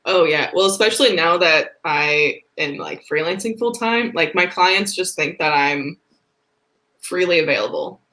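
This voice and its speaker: A woman in casual chat on a video call, quick with agreeing interjections and easy laughter. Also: fairly low pitch, animated, sharp tone. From United States. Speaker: co-host.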